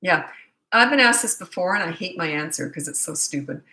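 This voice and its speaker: Chatty lower-voiced woman, echoey room. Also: expressive, a little fast, bright, forceful tone. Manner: chatty, rambling storyteller with frequent asides. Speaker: parenting coach. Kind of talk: casual live Q&A.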